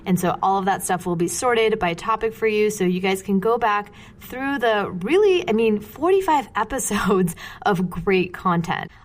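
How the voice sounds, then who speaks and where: A woman's voice: medium pitch, animated, normal speed. A Californian woman hosting a podcast, chatty and upbeat, laughing easily with her guest. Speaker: podcast host. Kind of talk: casual podcast interview and outro.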